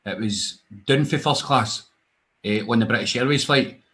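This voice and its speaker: A man's voice: medium pitch, normal speed, bright, forceful tone. A young Scottish man, a wrestler, telling stories in casual chat with lots of swearing, acting out the other voices in his anecdotes. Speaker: guest wrestler.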